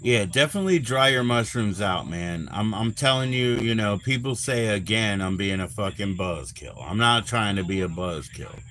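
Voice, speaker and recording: A man in his forties on a casual livestream, rambling and swearing, often trailing off into low mumbles. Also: expressive, normal speed, hardly any pauses, a bit bright. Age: 40s. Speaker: livestream host.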